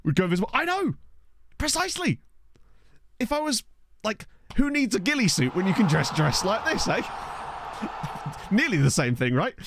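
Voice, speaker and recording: With a high, sing-song voice, a man keeps up jokey live-stream chatter during a football management game, thanking viewers and laughing quickly. His desk microphone picks up slight background noise.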